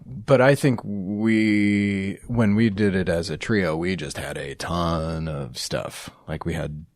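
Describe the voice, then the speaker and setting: A man with a very low voice speaks in a thoughtful, measured way. He is a musician guest in casual chat, and the sound is close and dry. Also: dry recording.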